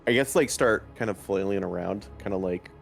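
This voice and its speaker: Give me a low, gravelly man rambling as a tabletop player. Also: a little fast, loud music behind the voice. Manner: rambling, says "like" a lot. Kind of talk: casual tabletop play.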